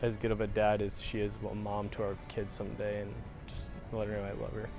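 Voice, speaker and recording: A young man, a groom-to-be, speaking in a wedding video interview, soft-spoken and halting with many fillers. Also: fairly low pitch, completely flat delivery, music in the background. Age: young adult.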